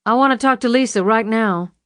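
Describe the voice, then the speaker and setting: A woman's voice: on the low side, normal speed, a bit bright, no echo, studio quality. A woman reading an audiobook, voicing a young mother who is tense, defiant and pleading.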